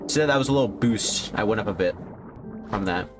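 A man giving casual, profane commentary while streaming a video game, reacting loudly when surprised. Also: on the low side, brisk, music in the background. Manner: swearing, animated, jumps to yelps when surprised. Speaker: gaming streamer.

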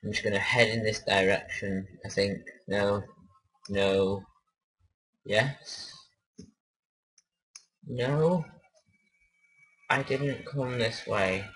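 A man's voice: on the low side, extremely slow, pauses often, a bit bright, breathy edge. A man giving rambling, self-conscious commentary while playing a game, often losing his train of thought. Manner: rambling, mumbling, unsure of himself. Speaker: let's play host.

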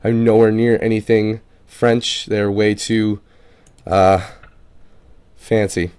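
A man's voice: on the low side, little pitch movement, slow pace, a little mellow, clean tone. A man casually reading viewer comments aloud for his gaming channel. He swears freely and trips over unfamiliar names. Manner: loose and profane, swears casually. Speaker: gaming video creator.

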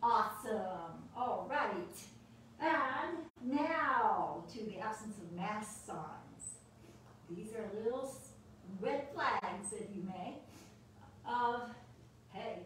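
A woman giving a playful lesson for children with her dogs, animated and full of praise, laughing often. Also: fairly high pitch, slow, a little hiss or hum. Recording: very echoey room, distant mic.

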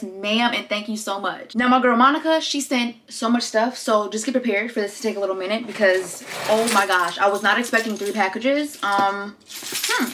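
A young woman vlogger chatting casually while unboxing, excitable and gushing, often calling out to viewers as "you guys". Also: medium pitch. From United States. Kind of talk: unboxing vlog chat.

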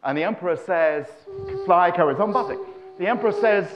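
A man's voice: high-pitched, a little fast, lo-fi sound. A man telling jokes on stage in a droll manner with wry asides. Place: festival stage.

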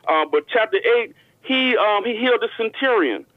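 A man on a call-in radio show, explaining and reading scripture slowly with emphasis, stumbling into frequent restarts. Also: high voice, animated, no echo. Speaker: guest Bible teacher. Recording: phone line audio.

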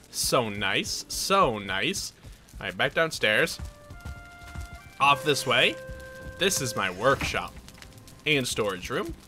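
Touring his in-game base, a man who hosts a gaming channel keeps up chatty, playful let's play commentary full of self-mockery. His voice is medium in pitch, bright and forceful.

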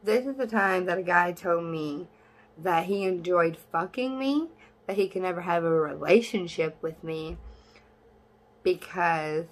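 This is a young woman talking casually to her own camera. She is blunt and sassy, swears without a second thought, and shoots up high in pitch whenever something annoys her. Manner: voice jumps high when exasperated. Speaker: vlogger.

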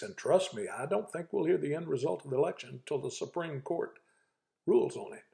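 Man, pastor-host, mellow and gravelly, earnest devotional delivery. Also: on the high side, lively intonation. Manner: earnest, reads scripture slowly and with emphasis; folksy, frequent "uh" fillers. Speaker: pastor hosting a daily devotional. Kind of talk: devotional talk.

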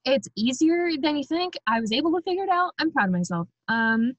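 Bubbly higher-voiced woman host. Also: sing-song, fairly quick, dry recording. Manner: bubbly, rambling, lots of ums. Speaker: podcast host. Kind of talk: casual chat, sign-off.

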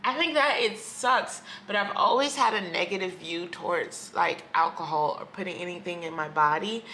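A woman's voice: fairly low pitch, moderate pace, sharp tone, a little hiss or hum. A woman vlogging candidly at home by a window, talking in a reflective, rambling and hesitant way. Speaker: YouTuber. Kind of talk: candid personal vlog. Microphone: camera.

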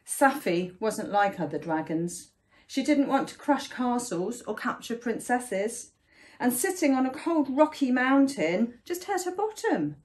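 A woman reading a picture book aloud for children in an animated, sing-song storytime manner. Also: on the high side, measured pace. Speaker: storytime reader.

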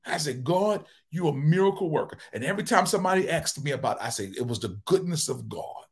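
An older man, a bishop, preaching a fervent sermon that moves from quiet storytelling to loud cries. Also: a little high, lively intonation, fast talker. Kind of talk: livestreamed sermon.

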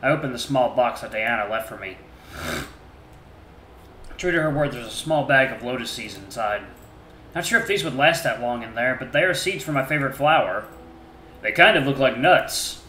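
A man's voice: mid-range voice, fairly quick, long pauses, bright, forceful tone, echoey room, slight background noise. A man hosting a Let's Play, greeting viewers in a friendly, upbeat way and narrating a story game.

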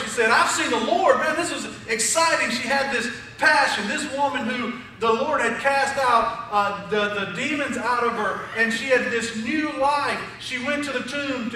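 A man's voice: very high voice, bright, forceful tone, a little hiss or hum. A man preaching a sermon to his congregation in a conversational, joking way. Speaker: pastor. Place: church sanctuary. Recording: echoey church from far off.

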